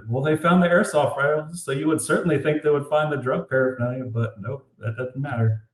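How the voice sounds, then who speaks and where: Animated storytelling man, echoey room. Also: a little high, fairly quick. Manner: animated, says "like" often, incredulous. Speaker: author guest. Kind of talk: casual storytelling interview. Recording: roomy echo.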